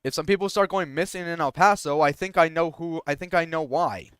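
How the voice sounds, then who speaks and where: A man's voice: a little high, fairly quick, fairly bright tone, smooth, no echo, clean studio sound. A young man streamer telling a rambling story with many restarts and fillers, sometimes indignant, in casual talk while gaming.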